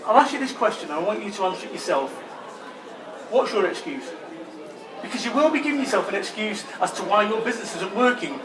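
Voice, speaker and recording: A man's voice: sits high, expressive, quick pace, noisy background. A man from England, giving a punchy, blunt motivational talk that he spices with swearing. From northern England. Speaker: motivational speaker. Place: large expo hall. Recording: roomy hall, voice far from mic.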